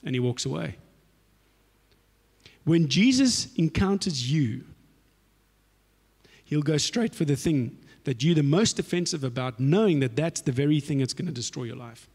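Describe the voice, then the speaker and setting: Slangy preacher in a hall. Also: male voice, a little high, moderate pace, pauses often, slightly rough. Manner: animated storytelling, slangy and conversational. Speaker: pastor. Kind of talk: sermon. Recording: echoey hall reverb.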